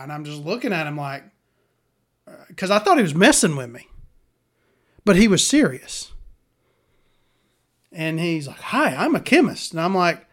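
A woman's voice: fairly low pitch, a bit bright. A woman from Alabama, telling stories in a blunt, exasperated way and swearing freely. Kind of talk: casual storytelling rant.

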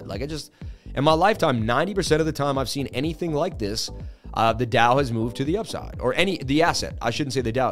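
A man hosting a crypto market livestream, talking through charts in a casual, animated and confident way. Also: medium pitch.

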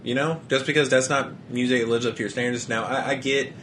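A man's voice: mid-range voice, steady tone, quick pace, fairly bright tone, a little hiss or hum. A young man co-hosting a podcast, rambling casually with frequent restarts and a lot of swearing. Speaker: podcast co-host.

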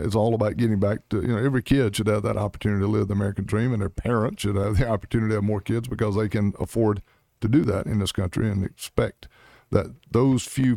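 Brief: middle-aged male political guest, gravelly and dark-toned, blunt and emphatic. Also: on the low side, dry recording. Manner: blunt, emphatic, punchy short commands. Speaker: Senate candidate guest. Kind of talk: political interview.

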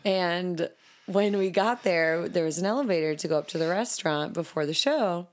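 A woman co-hosting a podcast, with a voice that sits a little low for a woman. She talks in a loose, chatty way, swears freely and slips into other people's voices when she retells a story. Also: moderate pace. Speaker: podcast co-host. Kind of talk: casual chat.

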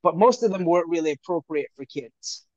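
A man co-hosting a podcast tells a story in casual chat. He talks in an animated way, laughs often and restarts his sentences. The recording is dry and a little muffled. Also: on the high side, fairly quick, no echo. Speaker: podcast co-host. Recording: dry, slightly muffled lo-fi audio.

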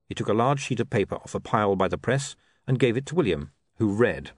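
A man's voice: on the low side, lively intonation, a little fast, no echo. A man reading a comic novel aloud as narrator, with wry, dry storytelling. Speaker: audiobook narrator. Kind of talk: scripted narration.

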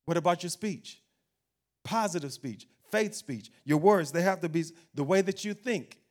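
A man preaches with lively energy, and his voice sits a little higher than most men's. He acts out the worried voices of doubters and laughs now and then. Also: normal speed. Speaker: pastor. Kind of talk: sermon.

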